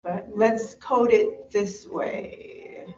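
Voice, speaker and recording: A woman teacher coaches a student step by step, patient and encouraging, often murmuring quick affirmations. She sounds far from the microphone in a roomy space, and the recording is dull and slightly noisy. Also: medium pitch, steady tone, warm tone. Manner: patient, prompting with quick mm-hmms. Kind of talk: guiding a student through a reading lesson.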